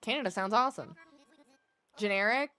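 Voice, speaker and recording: A woman's voice: medium pitch, a little fast, smooth. Chatty Midwestern American woman streamer. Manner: chatty and animated, draws out words for drama. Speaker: gaming streamer. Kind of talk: casual live-stream chat with viewers.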